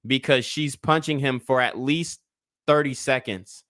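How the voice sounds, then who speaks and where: A man's voice: medium pitch, unhurried, a bit bright, no room sound, clean studio sound. A man in his twenties giving casual livestream commentary, a blunt and profane rambling storyteller.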